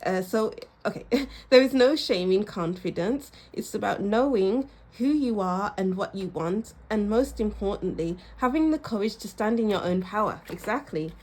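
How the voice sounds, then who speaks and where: A woman's voice: medium pitch, lively intonation, moderate pace, a little mellow, a little hiss or hum. A woman giving a casual tarot reading to camera at home. She talks in an encouraging way, repeats affirmations and thinks aloud as she goes. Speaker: tarot reader.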